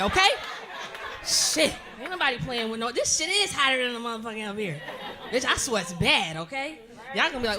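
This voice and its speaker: A middle-aged woman performing a profane stand-up comedy set, telling stories loudly and animatedly. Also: high voice, normal speed, crowd noise. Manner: profane, loud, animated storytelling with frequent laughs. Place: comedy club stage with live audience.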